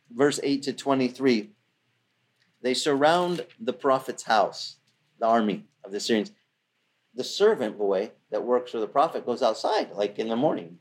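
A man preaching, retelling a scripture story in a loose, conversational way. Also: mid-range voice. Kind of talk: sermon.

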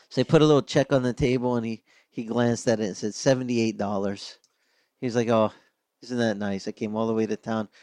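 An older man preaching a sermon as pastor, telling stories with lively acted-out voices. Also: medium pitch, clear, resonant tone, no room sound. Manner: animated storytelling, acting out voices of others.

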